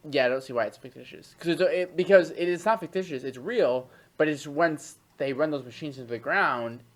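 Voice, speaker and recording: A man in a reading group, reading long passages of a text aloud and then stopping to comment on them in a relaxed, thinking-aloud way. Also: on the high side, brisk, poor audio.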